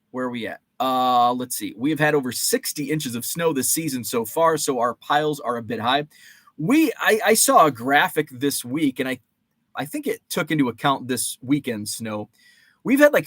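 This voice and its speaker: A man's voice: mid-range voice, a bit bright, no echo, clean studio sound. A man hosting a casual livestream, rambling between topics and reading viewer comments aloud. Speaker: host.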